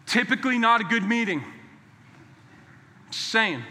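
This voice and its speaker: A man's voice: extremely high pitch, lively intonation, measured pace, pushed and bright. A male pastor preaching a sermon in a church, emphatic and repetitive, with playful joking asides. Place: church sanctuary. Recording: long reverb of a large hall.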